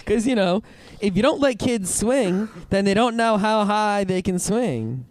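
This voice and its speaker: A man's voice: high-pitched, expressive, a little slow. A young man co-hosting a podcast, bantering bluntly and laughing in casual chat. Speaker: podcast co-host.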